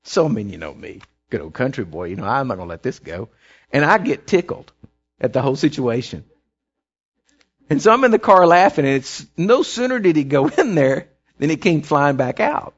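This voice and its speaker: A man's voice: medium pitch, very animated, moderate pace, husky. Man, pastor, folksy rambling sermon, muffled lo-fi sound. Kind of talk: storytelling sermon. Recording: dull lo-fi recording.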